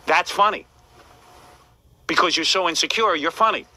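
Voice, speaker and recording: A man's voice: fairly high pitch, big pitch swings, normal speed, long pauses, sharp tone, poor audio. A man hosting a radio show, lecturing a staff member in a blunt, repetitive way.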